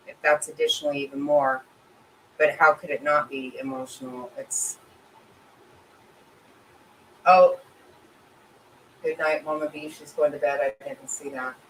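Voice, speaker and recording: A middle-aged woman with a deep, fairly even voice hosts a casual livestream, reading viewers' comments at a moderate pace with frequent pauses. She's emotional and sympathetic, rambling and restarting her sentences. The room is echoey, and her voice sounds a bit distant from the mic, with faint ambient noise.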